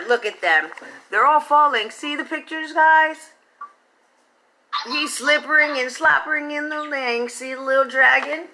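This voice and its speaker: A woman reading a picture book aloud to children, with lively, chatty asides to her young listeners. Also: sits high, measured pace, noisy background. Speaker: children's story reader.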